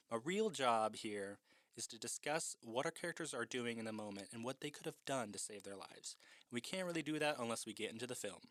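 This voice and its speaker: A man's voice: medium pitch, a bit bright, no echo, studio quality. A man casually recapping a horror film in a chatty, profane way, with lots of "like".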